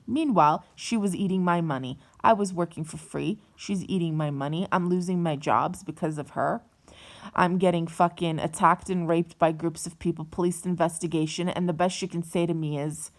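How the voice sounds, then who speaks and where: A young woman talks straight to her viewers in a personal vlog, heated and blunt, with frequent swearing. Her voice sits a little low. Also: normal speed. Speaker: vlogger. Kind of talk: personal monologue to camera.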